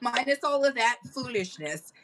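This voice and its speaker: A woman's voice: fairly high pitch, animated, normal speed, background noise. A woman hosting a casual livestream chat, talking bluntly and emphatically and cursing freely. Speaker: livestream host. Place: home livestream setup.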